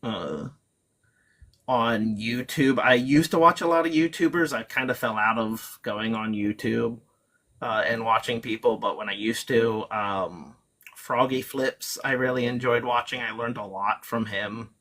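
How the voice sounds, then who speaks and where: On a live chat stream, a guest reseller speaks at a measured pace in a medium-pitched voice that sounds pushed and bright. He rambles, restarts, and uses many fillers.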